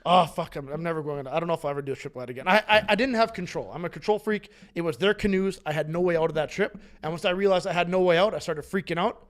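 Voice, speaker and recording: A man from Canada holds the floor on a casual podcast, his voice sitting a little high and his words tumbling out quickly. He swears freely, rambles from one detail to the next and laughs at his own misadventures. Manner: rambling, profane, laughs while telling stories. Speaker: podcast co-host.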